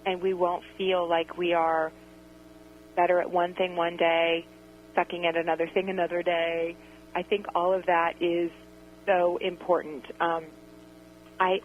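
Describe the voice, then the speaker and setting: A middle-aged woman hosting a radio call-in show, talking with passion and rushing through repeated phrases. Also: on the low side, little pitch movement, a little hiss or hum. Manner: impassioned, rushes and repeats phrases. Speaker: radio talk show host. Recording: slightly dull radio broadcast.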